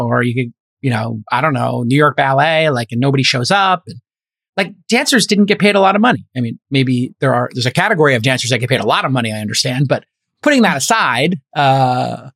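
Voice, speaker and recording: A man's voice: medium pitch, lively intonation, quick pace, a bit bright, no room sound. Guy hosting a podcast, middle-aged, kinda rambly, lots of ums, dry studio mic. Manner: rambling, thinks aloud with fillers. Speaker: podcast host. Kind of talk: casual podcast discussion.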